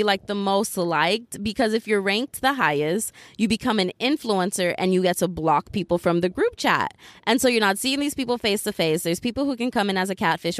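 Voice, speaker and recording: A woman hosting a podcast in casual chat, telling a story in an animated, chatty way with lots of fillers. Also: mid-range voice, no echo. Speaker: podcast host.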